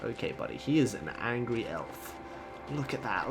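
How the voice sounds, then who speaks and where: A young man giving excitable let's play commentary, gushing and laughing often as he plays. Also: medium pitch, normal speed, soft background music. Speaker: gaming channel host.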